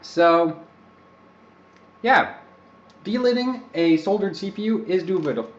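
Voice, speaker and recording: A man's voice: sits high, animated, slow pace. A young man rambles through casual livestream commentary, joking at his own expense in a slightly raised voice. The sound is roomy and a little muffled. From Czech Republic. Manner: rambling, joking, self-deprecating. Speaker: overclocking livestream host. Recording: roomy, slightly dull stream audio.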